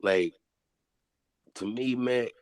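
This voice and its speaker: A man's voice: medium pitch, extremely slow, no echo. A man chatting on a podcast in a laid-back, slangy, profane way. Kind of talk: casual chat.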